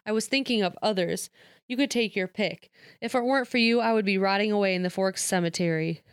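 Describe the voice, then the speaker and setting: A woman reading aloud the insistent lines of a stubborn, injured teenage girl, with a smooth voice and dry sound. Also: medium pitch, a little fast, no echo, close to an everyday voice. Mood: irritated.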